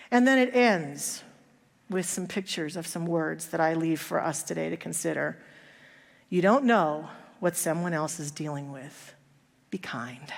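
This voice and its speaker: A woman minister preaches a sermon, telling stories and acting out the people in them in an earnest storytelling manner. Her voice sits at an ordinary middle pitch. It rings out with the long reverb of a church sanctuary.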